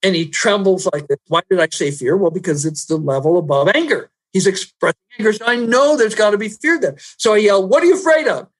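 A man who works as a personal growth trainer, telling stories in an interview, animated and rising loud at the dramatic moments. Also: sits high, brisk, hardly any pauses. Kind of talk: storytelling in an interview.

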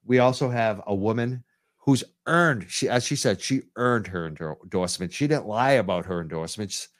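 A man's voice: fairly low pitch, moderate pace. Enthusiastic male radio call-in host. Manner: enthusiastic, rambling with restarts. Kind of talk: live call-in radio chat.

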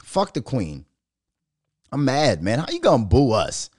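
A man from Minnesota hosts his own podcast solo, swearing freely as he riffs on whatever comes to mind. His voice sits in a middle range and sounds dry and close, with no room around it. He slides from easy chat into animated rants. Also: mid-range voice, unhurried, dry recording. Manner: profane, animated, riffing and ranting. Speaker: podcast host. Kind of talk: casual solo podcast rant.

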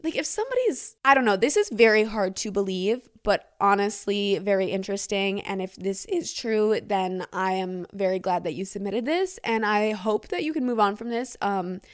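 A young woman hosting a podcast, reading listener secrets aloud and reacting in a chatty, giggly, animated way. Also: medium pitch, moderate pace, hardly any pauses. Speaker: podcast host.

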